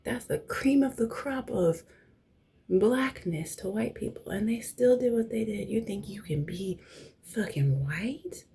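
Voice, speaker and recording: A woman's voice: medium pitch, animated, unhurried, creaky, dark tone, slightly rough. A young woman host telling personal stories in a casual, blunt, profane way, often dropping to a near whisper. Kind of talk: casual storytelling chat.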